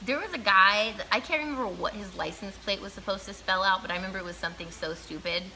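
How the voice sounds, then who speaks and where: A young woman guest in a casual chat, talking quickly and laughing easily. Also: mid-range voice, pushed and bright, slight background noise.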